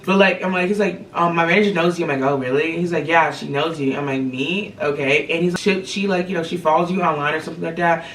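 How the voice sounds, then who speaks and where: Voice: medium pitch, steady tone, fast, hardly any pauses, fairly bright tone. A content creator telling a personal motivational story to viewers in a chatty, filler-heavy way, often calling them guys and y'all. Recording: roomy, slightly distant, faint ambient noise.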